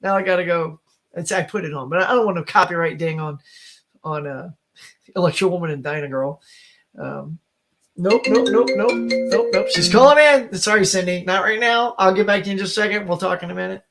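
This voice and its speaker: Chatty high-voiced man hosting live. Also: fairly even intonation, a little fast, gravelly, fairly bright tone, faint music behind. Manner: chatty, laughs often, thinks aloud with many restarts. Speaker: host. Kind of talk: casual live-stream chat.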